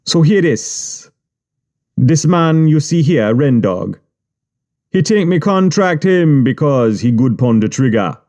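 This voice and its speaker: A man voicing a smooth-talking Jamaican gang boss, boastful and teasing in thick patois. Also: a little high, expressive, takes it slowly, a little mellow, voice pushed up.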